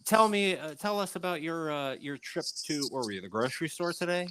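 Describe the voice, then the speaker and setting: A man's voice: on the high side, expressive, brisk, fairly bright tone, a little hiss or hum. A man co-hosting a casual podcast chat, dropping dry jokes and asides. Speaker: podcast co-host.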